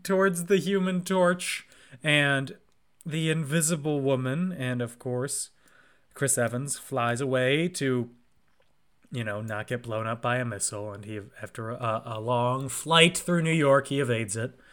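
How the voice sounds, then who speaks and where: A man's voice: mid-range voice, a little slow, fairly bright tone. A man co-hosting a podcast, retelling a film plot casually with sarcastic jokes. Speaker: podcast co-host. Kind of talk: casual movie recap chat.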